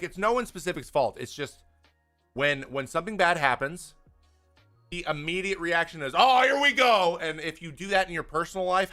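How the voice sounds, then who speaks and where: A man, hosting a casual live chat and answering viewer questions in a rambling way with many restarts. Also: fairly high pitch. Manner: rambling, restarts often, animated when venting.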